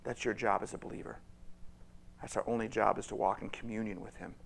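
A man preaching a sermon with fervent delivery, swinging from loud bursts to hushed whispers. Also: lowish voice, steady tone, brisk, gravelly, a little hiss or hum.

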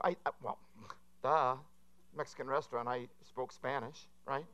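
A man's voice: mid-range voice, fairly even intonation, normal speed, a bit bright, smooth. A man preaching a sermon, telling rambling, self-deprecating jokes to a congregation. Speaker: pastor. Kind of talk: humorous sermon.

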